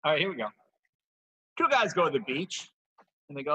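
A man's voice: medium pitch, big pitch swings, pushed and bright, slightly rough, lo-fi sound. A man in his seventies, a comedian guest on a remote call, firing off jokes in playful banter. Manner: rapid one-liner delivery, playful. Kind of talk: joke-telling banter.

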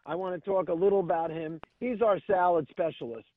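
A man's voice: high voice, fairly quick. A man calling in to a radio show about his farmers market, talking with enthusiasm. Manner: enthusiastic, talkative. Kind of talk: casual radio call-in chat. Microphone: telephone. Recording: tinny phone line.

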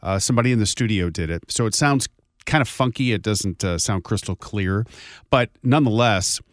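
A man's voice: lowish voice, fairly quick, no echo, studio quality. A man, a radio host, chatting casually on a podcast, hesitant and full of fillers. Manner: hesitant, lots of fillers and restarts.

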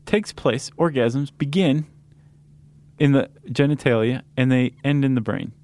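A man's voice: medium pitch, unhurried, a little mellow. A man co-hosting a podcast in casual chat, joking and rambling with lots of fillers and restarts. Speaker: podcast co-host.

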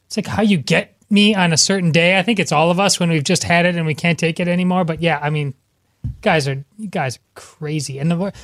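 A man co-hosting a radio panel, talking in an excitable, loose and colloquial way. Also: high-pitched. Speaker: co-host. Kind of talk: casual panel chat.

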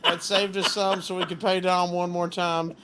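High-pitched guy on a podcast, upbeat and jokey, faint hiss behind. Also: level tone, moderate pace. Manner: upbeat, grateful, joking. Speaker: podcast co-host. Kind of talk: casual chat.

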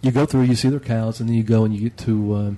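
A man chatting as a guest on a podcast roundtable, telling a relaxed, rambling story about a day out. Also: mid-range voice, quick pace. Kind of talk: casual roundtable chat.

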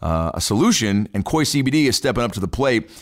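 A man's voice: medium pitch, big pitch swings, quick pace. A man reading a sponsor ad on a podcast, playful and joking between lines. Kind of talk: read ad spot, joking.

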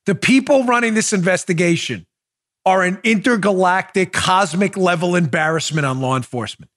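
A man's voice: high-pitched, normal speed, a bit bright. A man in his forties hosting a political commentary podcast, bursting into incredulous exclamations and frequent laughter. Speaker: podcast host.

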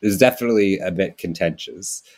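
A man with a lowish voice chats casually as a podcast guest. He is wry and self-mocking and keeps dropping into quick, silly character voices as he talks. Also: a little mellow. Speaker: comedian guest.

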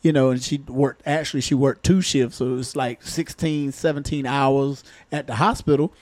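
A man's voice: medium pitch, steady tone, normal speed, darkish tone, no room sound. A man, a retired police officer turned comedian, co-hosting a podcast and telling a casual, folksy story with laid-back colloquial phrasing.

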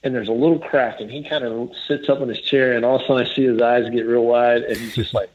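Guy rambling thru a story, mid pitch, keeps restarting, kinda muffled lo-fi audio. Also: level tone, a little fast, few pauses. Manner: rambling, restarts often, quotes others in his story. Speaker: guest telling a hunting story. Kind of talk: casual spoken storytelling. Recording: dull lo-fi audio.

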